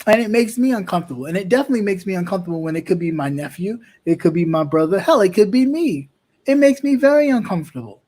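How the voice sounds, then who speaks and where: Casting: male talk host, fairly high voice, passionate and emphatic. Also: expressive, fast talker, a little mellow. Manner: impassioned, emphatic repetition. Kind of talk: political commentary talk.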